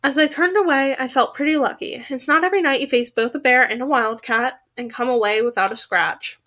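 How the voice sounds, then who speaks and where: High bright woman reading a novel aloud. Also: fairly quick. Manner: expressive, with small stumbles and restarts. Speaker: reader.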